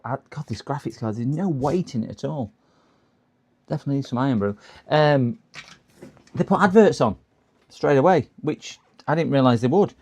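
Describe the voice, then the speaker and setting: Gravelly man muttering through a repair. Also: a little high, a little mellow. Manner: muttering to himself, chatting to the live chat between tasks. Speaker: live-streaming computer repairer. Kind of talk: casual running commentary while working.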